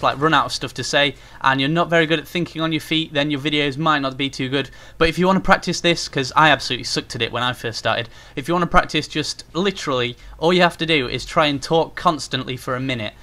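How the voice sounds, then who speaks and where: A man's voice: on the high side, sharp tone. A young man giving casual, rambling tips on gaming commentary, with frequent fillers, as a YouTuber talking to his viewers. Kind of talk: casual spoken tutorial.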